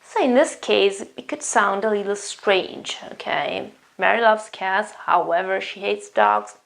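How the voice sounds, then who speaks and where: A woman's voice: medium pitch, unhurried, gravelly. A woman with an Italian accent, explaining English vocabulary in an online lesson and often repeating herself as she restarts phrases. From Italy. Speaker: English teacher.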